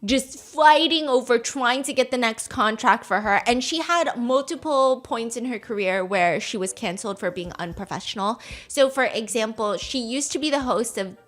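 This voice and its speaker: A woman hosting a gossip podcast, her voice sitting a little higher than most. She tells the story casually and animatedly, breaking into laughter and acting out the quotes as she goes. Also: animated, moderate pace, hardly any pauses, fairly bright tone. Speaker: podcast host.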